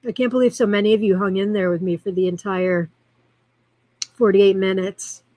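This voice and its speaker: A woman's voice: medium pitch, steady tone, normal speed, dark tone, no room sound, low-quality recording. Chatty woman live-stream host, dry sound. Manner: chatty and rambling, reads viewer comments aloud. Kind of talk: casual live-stream chat.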